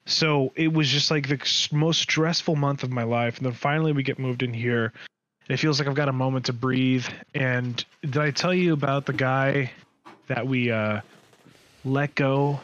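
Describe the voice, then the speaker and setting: A man's voice: medium pitch, moderate pace, no echo, muffled recording. Man telling a rambling story, dry sound. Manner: animated, rambling, self-correcting. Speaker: podcast host. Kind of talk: casual storytelling chat.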